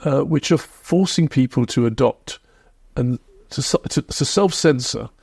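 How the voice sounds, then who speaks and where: A man being interviewed as a historian, explaining in a reflective, measured way. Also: mid-range voice, vocal fry, darkish tone, breathy edge, dry recording, studio quality. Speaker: historian guest. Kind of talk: podcast interview.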